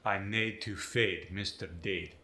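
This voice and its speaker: A man doing a West African-accented voice that lands hard on every syllable, with rising tones on certain vowels. It is unhurried and bright-edged, and it sits in a roomy, echoey space. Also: low-pitched, steady tone, full character voice. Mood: demonstrating. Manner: slow, deliberate, stresses every syllable.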